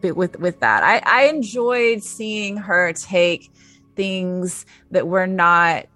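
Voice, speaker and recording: A woman's voice: on the low side, slow pace, pushed and bright, soft background music. A woman co-hosting a podcast, chatting casually about a film with many fillers and restarts. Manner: rambling, lots of fillers. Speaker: podcast co-host.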